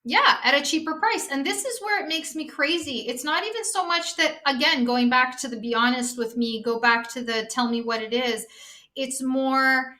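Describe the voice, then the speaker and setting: Bright, high-voiced woman chef talking bluntly. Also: normal speed. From Canada. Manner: blunt, passionate, swears freely. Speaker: guest, private chef. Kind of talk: casual interview chat.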